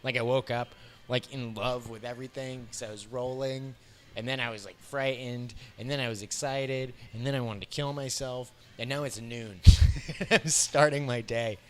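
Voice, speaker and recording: A man in his thirties with an American accent, a comedian telling a profane road story in an animated way, laughing often as he talks. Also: medium pitch, moderate pace, slight background noise. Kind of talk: storytelling interview. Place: bar.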